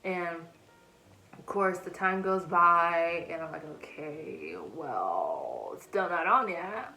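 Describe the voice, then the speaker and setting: A woman's voice: on the low side, flat delivery, a little slow, bright, forceful tone, echoey room, rough recording. A young woman in a casual storytelling vlog, chatting animatedly and acting out quoted asides, recorded on a phone. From United States. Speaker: vlogger. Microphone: phone camera.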